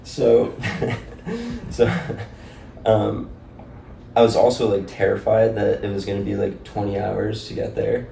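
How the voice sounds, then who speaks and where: A young man with a low, gravelly voice spins a rambling, laugh-filled story, leaning on "like" every few words. He sounds set back from the mic in an echoey room, with a faint hiss underneath. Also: expressive, a little slow, pauses often, mellow, far from the mic. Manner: rambling, laughing, heavy use of "like". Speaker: podcast guest. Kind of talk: casual storytelling.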